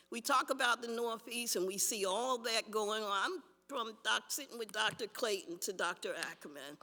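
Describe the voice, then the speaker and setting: A woman's voice: mid-range voice, pushed and bright. Impassioned older woman testifying in a hall. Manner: impassioned, repeats herself. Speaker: public commenter. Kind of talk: public testimony at a council hearing. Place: council chamber. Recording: long hall reverb.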